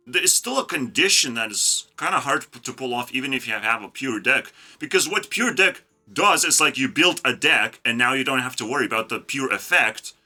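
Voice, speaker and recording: A man's voice: medium pitch, animated, brisk, hardly any pauses, pushed and bright, faint music behind. A man ranting casually about a card game, mocking and profane, breaking into laughter. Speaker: YouTube gaming creator. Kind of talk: casual ranting commentary while designing cards.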